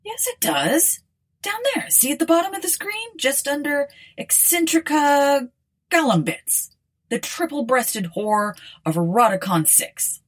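A woman's voice: high-pitched, animated, a little slow, voice pushed up. A woman voicing a breezy, unflappable male alien traveler in an audiobook, with an offhand, matter-of-fact delivery.

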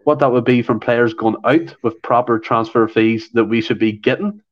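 A man's voice: mid-range voice, moderate pace, muffled recording. A man co-hosting a casual football podcast, ranting with passion and often repeating himself. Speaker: podcast co-host.

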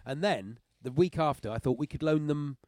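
A man's voice: fairly high pitch, moderate pace, darkish tone, no echo, clean studio sound. A man co-hosting a football podcast, playful and joking in casual chat. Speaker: podcast co-host.

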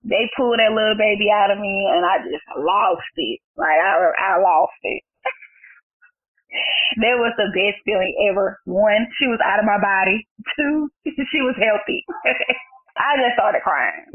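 A young adult woman, a new mother, telling her story in an interview, animated and emotional and laughing often. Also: mid-range voice, measured pace. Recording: phone-like narrow sound.

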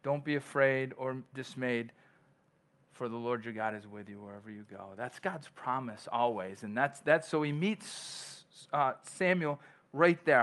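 A man's voice: mid-range voice, measured pace, a bit bright. A male pastor preaching a sermon in a conversational way, with frequent restarts and long scripture readings. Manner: reads scripture aloud.

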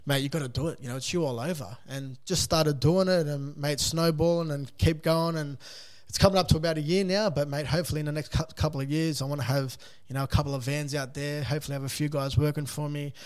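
Laid-back Australian man, slightly high voice. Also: steady tone, fast talker. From South Sydney, Australia. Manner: laid-back, slangy storytelling with mates' talk. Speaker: guest, coffee van owner and podcaster. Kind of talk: casual podcast chat.

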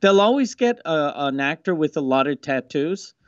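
Male podcast co-host telling a story: slightly high, lively voice, dry close sound. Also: moderate pace, clear, resonant tone, dry recording, lo-fi sound. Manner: storytelling, chatty, drops swear words. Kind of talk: casual comedy chat.

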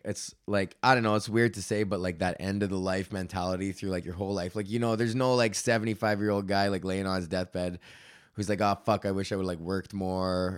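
A man's voice: deep voice, smooth, no room sound, clean studio sound. Laid-back profane young man ranting. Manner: profane, rambling, laughs often. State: low energy. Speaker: podcast host. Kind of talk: casual solo podcast rant. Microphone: studio podcast mic.

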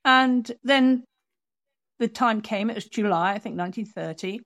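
Lively woman telling a story. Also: a little high, moderate pace, no room sound. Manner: lively storyteller, acting out quotes. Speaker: author and guest. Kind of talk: storytelling in an interview.

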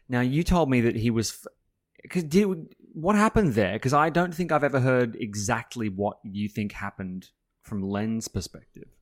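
A man's voice: medium pitch, expressive. A man hosting a chat with his father, asking curious questions and reading passages from his own book aloud. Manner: curious, quick to laugh at himself. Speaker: author and podcast host.

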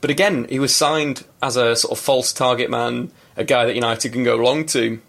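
A man's voice: medium pitch, steady tone, moderate pace, creaky, a bit bright. A man hosting a casual football podcast, talking in a chatty, opinionated way. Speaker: podcast host.

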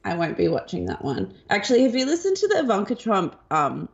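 A young woman co-hosting a podcast, chatting in an animated, wry way. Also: medium pitch, a little fast. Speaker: podcast co-host. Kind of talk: casual chat. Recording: dull lo-fi sound.

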